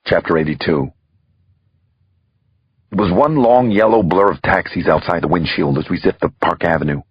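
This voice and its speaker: Man, audiobook thriller narrator, raspy and low, dull lo-fi recording. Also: moderate pace. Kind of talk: first-person thriller narration.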